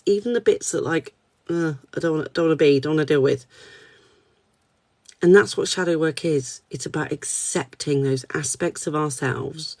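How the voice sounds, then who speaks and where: A woman's voice: sits low, a little mellow, no room sound. A woman, speaking as a spiritual card reader at her desk, reassuring and candid, swearing casually. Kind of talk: live spiritual reading chat.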